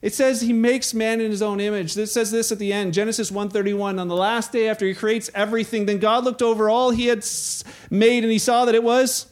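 A man's voice: high voice, little pitch movement, brisk, hardly any pauses. A pastor giving a conversational sermon, acting out the scripture he quotes with playful asides.

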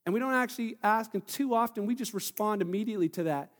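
A man preaching a sermon as pastor, animated and conversational, acting out quoted voices with frequent restarts. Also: high-pitched, fast talker. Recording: long hall reverb.

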